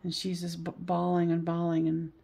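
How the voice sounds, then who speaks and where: A woman gives a solo psychic reading with a lowish, dark voice full of vocal fry and a completely flat delivery. She pauses haltingly, repeats herself, and coaxes gently.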